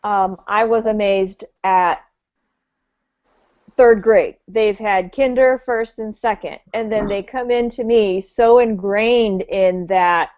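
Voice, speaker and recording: A woman with a mid-pitched voice talks earnestly and rambles through her points with fillers and restarts. The recording is dry and close, with the dull, narrow sound of a video call. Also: fairly even intonation, takes it slowly, dry recording. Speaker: elementary teacher and discussion host. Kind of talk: casual video call discussion.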